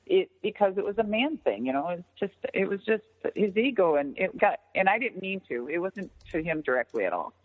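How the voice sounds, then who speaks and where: Brief: middle-aged woman guest, lively swings in pitch, salty and animated, tinny phone audio. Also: fairly quick, few pauses. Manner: profane, animated, acts out others' lines. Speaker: interview guest, former wrestler. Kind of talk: casual storytelling interview. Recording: tinny phone-line audio with long reverb.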